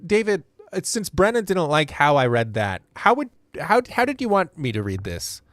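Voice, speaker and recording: A man's voice: a little high, very animated, fairly bright tone, no room sound. Playful man hosting a comedy game show. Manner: playful, self-deprecating, quick to laugh. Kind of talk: reading contestant answers aloud.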